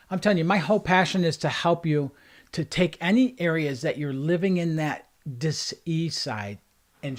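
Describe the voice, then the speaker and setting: A man who works as a life coach, giving an earnest motivational talk on a livestream and driving points home with repeated phrases. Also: on the high side. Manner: earnest, repetitive emphatic phrasing.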